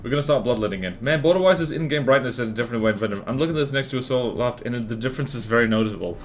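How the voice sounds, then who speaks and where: A man's voice: mid-range voice, very fast. A man chatting casually with his live-stream viewers while playing a game, rambling and laughing often as he answers chat.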